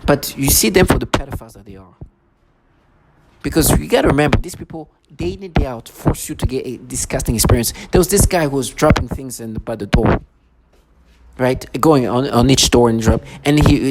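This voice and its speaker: A man's voice: medium pitch, noisy background. A man talking to camera in an agitated, rambling monologue, often repeating and restarting his phrases. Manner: agitated, repetitive, many restarts. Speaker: vlogger.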